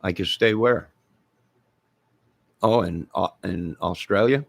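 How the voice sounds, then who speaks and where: A man's voice: low voice, slow pace, gravelly, husky, no echo. A man casually chatting with his viewers in a rambling, playful, jokey way. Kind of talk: casual live chat.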